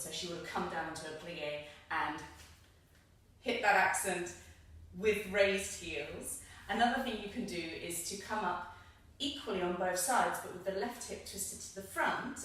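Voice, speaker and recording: A woman's voice: fairly low pitch, fairly bright tone, slight background noise. A woman teaching belly dance, upbeat and encouraging, counting out the beats as she demonstrates. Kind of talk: instructional dance tutorial. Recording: very echoey room, voice from a distance.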